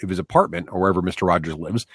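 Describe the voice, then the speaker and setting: A man hosting a podcast, telling an animated personal story and asking the guest questions in casual chat. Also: sits low, very fast, breathy edge, no room sound, studio quality. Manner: storytelling, animated asides, warm backchannels. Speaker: podcast host.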